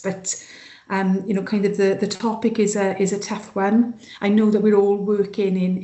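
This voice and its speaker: A woman's voice: medium pitch, mellow, reverberant. A woman with a sing-song Welsh Valleys accent giving an online training talk over a video call, with many fillers and restarts. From Wales.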